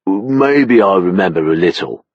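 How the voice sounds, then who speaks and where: A man voicing a drunk, slurring retired man who is defensive and gruff. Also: low voice, lively intonation, unhurried, dry recording, lo-fi sound. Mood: boozy. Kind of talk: audiobook character voice.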